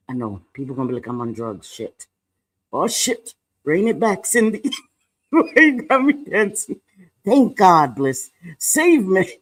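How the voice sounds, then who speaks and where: High-voiced chatty male streamer. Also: very animated, a little slow. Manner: chatty, laughs often, playful swearing. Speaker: livestream co-host. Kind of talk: casual livestream chat.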